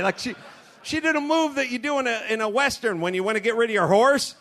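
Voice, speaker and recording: A middle-aged American man hosting a comedy show, telling rambling, profane stories with animated asides into a studio mic. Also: high-pitched, fast talker. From United States. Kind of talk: comedic storytelling. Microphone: studio mic with cord.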